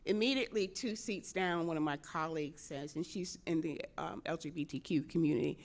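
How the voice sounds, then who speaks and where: A middle-aged woman, a state senator, telling a personal story to a convention audience, animated, often laughing and acting out what people said. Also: low voice, brisk.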